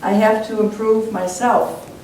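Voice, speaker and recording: A woman minister preaches in an earnest, reflective teaching tone, her voice at mid pitch. She sounds a little away from the microphone, and it catches a great deal of church-hall echo with a faint rumble underneath. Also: little pitch movement, a little slow, a little mellow, recorded from a distance. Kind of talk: sermon. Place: church sanctuary.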